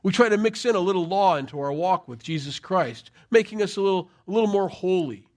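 A man's voice: high-pitched, lively intonation, fairly quick. A middle-aged man preaching a sermon, conversational and emphatic, with rhetorical questions. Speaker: pastor.

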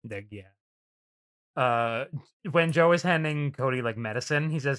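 A man hosting a podcast in casual chat, animated, swearing freely and laughing often. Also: medium pitch, unhurried, long pauses, clear, resonant tone. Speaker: podcast host.

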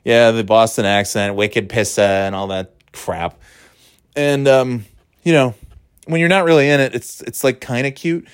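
A man's voice: medium pitch, fairly even intonation, unhurried, smooth, dry recording, studio quality. A man from the US East Coast talking casually to camera, rambling and sardonic, with many restarts and fillers. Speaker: vlogger.

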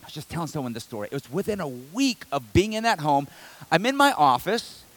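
High-voiced, dramatic male preacher. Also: fairly quick. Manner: dramatic, animated storyteller; emphatic repetition. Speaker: pastor. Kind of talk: sermon with personal story.

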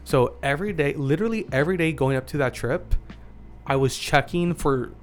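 A man co-hosting a casual podcast, telling stories with lively acted-out quotes. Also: on the high side, a little fast, soft background music. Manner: animated storyteller, acts out quotes. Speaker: podcast co-host. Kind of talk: casual chat.

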